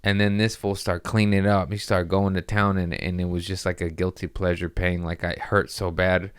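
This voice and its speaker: Profane rambling comedian, smooth and dry. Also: male voice, level tone, moderate pace, no room sound. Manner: rambling, profane storytelling with jumps in pitch on punchlines. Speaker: podcast host and comedian. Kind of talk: casual chat.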